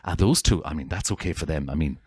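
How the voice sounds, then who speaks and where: A man voicing his friend's blunt old West Cork mother, in her seventies and gruff and folksy. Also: rumbling low, fast, no echo, pitched below the performer's own voice. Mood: exasperated. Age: 70s.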